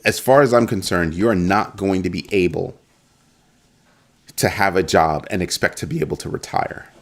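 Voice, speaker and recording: A man's voice: deep voice, normal speed. A middle-aged man from New York hosting a crypto show, talking to viewers in an emphatic way and repeating his points for stress. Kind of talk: casual talk to viewers.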